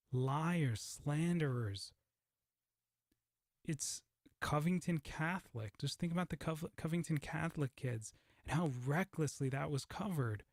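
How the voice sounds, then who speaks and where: A man's voice: on the high side, darkish tone, dry recording, studio quality. A man ranting sarcastically in a commentary monologue, mocking those he criticizes. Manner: sarcastic, mocks opponents in mimicking voices.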